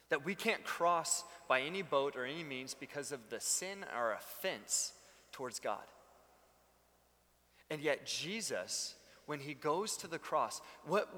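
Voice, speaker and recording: A man's voice: medium pitch, pushed and bright, big-room sound. A man preaching a sermon, telling stories conversationally with bursts of emphasis. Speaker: pastor.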